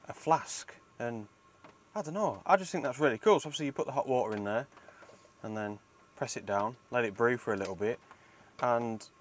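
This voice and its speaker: A man's voice: medium pitch, a little hiss or hum. A young man, vlogging casually and enthusiastically outdoors by a lake, laughing often. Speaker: landscape photography vlogger. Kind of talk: casual vlog to camera.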